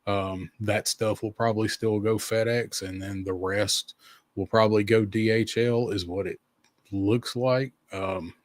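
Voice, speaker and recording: A man's voice: on the low side, fairly even intonation, measured pace, no echo. A man hosting a casual podcast, talking in an easygoing, rambling way with lots of fillers. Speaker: podcast host. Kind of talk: casual chat.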